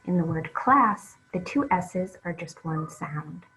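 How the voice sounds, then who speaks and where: A woman's voice: on the low side, expressive, slow, fairly bright tone, a little hiss or hum, rough recording. A woman teaching a phonics lesson to young children, sounding out letters one at a time and praising the listener. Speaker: reading teacher.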